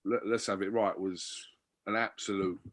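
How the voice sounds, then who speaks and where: A man's voice: lowish voice, normal speed. A man, a podcast guest, chatting casually and telling stories with lots of fillers. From Wickford, England. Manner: relaxed storytelling, many fillers. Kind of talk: casual interview chat.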